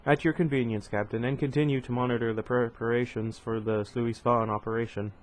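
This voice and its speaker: A man voicing a cool, calculating male alien admiral in a measured, quietly menacing tone. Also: mid-range voice, fairly even intonation, natural voice. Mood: calm, cool.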